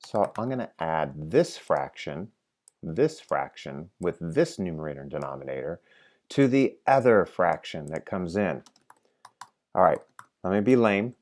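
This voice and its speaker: A man's voice: low voice, very animated, normal speed. A man teaching programming while he codes, chatty and prompting the viewer to answer along. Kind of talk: live-coding lecture.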